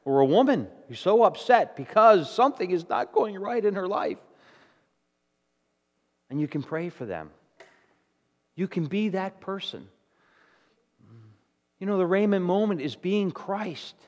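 In a large church hall, a man gives his congregation a sermon, speaking conversationally and regularly asking "okay?" or "all right?" The pastor's voice sits high and sounds animated. He talks a little slowly and pauses often.

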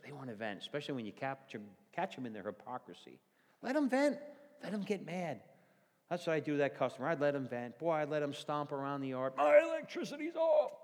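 A male pastor delivers a folksy sermon with a lively, swinging pitch. His voice carries a long reverb, as if filling a church hall. He tells everyday stories in an animated way.

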